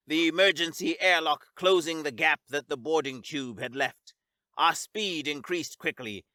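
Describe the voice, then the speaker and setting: A man narrating a scripted science fiction story in a steady, even storytelling read. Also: fairly high pitch, no echo.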